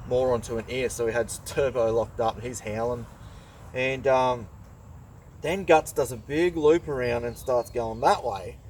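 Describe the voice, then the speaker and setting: Man spinning a loose yarn outdoors. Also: mid-range voice. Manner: loose, rambling yarn with laid-back slang. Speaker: pig hunter and channel host. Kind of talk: casual storytelling and talking to dogs. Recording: distant mic outdoors with faint background noise.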